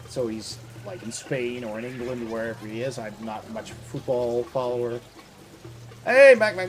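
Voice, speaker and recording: Slow-talking Dutch streamer. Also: male voice, medium pitch, darkish tone. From Netherlands. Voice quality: laughs often, chatty asides to chat. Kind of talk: casual live-stream chat while playing. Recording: game music behind.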